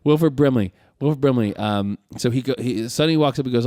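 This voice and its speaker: A man's voice: mid-range voice, fairly quick, few pauses, no room sound, studio quality. A middle-aged man co-hosting a podcast, animatedly retelling a film plot and acting out its lines. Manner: animated storyteller, acts out lines with laughs. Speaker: podcast co-host. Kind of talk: casual movie recap chat.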